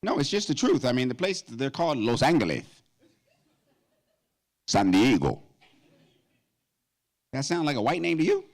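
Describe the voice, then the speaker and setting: A man in his fifties working a stand-up set on a gala stage. His voice is lively and swings widely in pitch, sitting a touch high for a man. He breaks into high falsetto snippets as he goes. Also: fast, few pauses. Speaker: stand-up comedian. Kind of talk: stand-up comedy routine at a gala. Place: event stage before a live audience.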